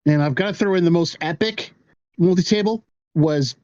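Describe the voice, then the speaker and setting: A man on a podcast thinks back over old games, pausing and restarting as he remembers. His voice sits a little high, and the sound is dull and dry. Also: darkish tone, no echo. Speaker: podcast co-host. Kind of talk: casual chat.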